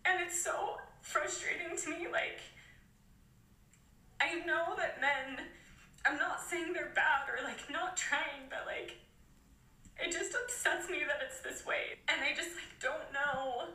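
A woman's voice: high-pitched, slow pace, pushed and bright. A woman crying and venting in a selfie video, her voice breaking as she talks. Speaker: mother of twins posting a video. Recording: echoey clip, off-mic.

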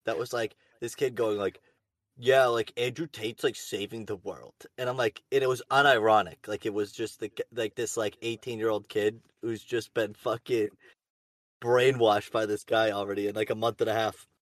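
A man's voice: fairly low pitch, normal speed, dry recording. Young guy podcast cohost, cursing a lot, dry close sound. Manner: swearing, excited storytelling. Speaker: podcast co-host. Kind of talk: casual chat.

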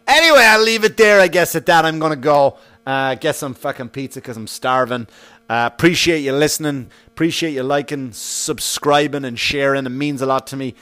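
Man, podcast host, casual monologue, profane, animated, somewhat high voice, mains hum. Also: normal speed, clean tone.

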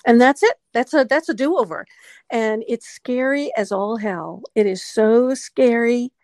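A woman's voice: a little high, unhurried, darkish tone, no echo. A middle-aged woman giving relationship advice, earnestly acting out example apologies in the first person. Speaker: relationship coach. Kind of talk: advice talk.

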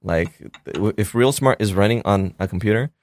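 A man's voice: on the low side, moderate pace, darkish tone, no echo. A middle-aged man, a filmmaker guest, telling stories in casual chat, rambling with many fillers and restarts.

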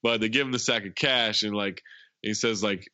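A man co-hosting a podcast, retelling film scenes in an animated way, full of "like" and laughter. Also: lowish voice, normal speed, dry recording, highs cut off. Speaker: podcast co-host. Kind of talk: casual movie recap chat.

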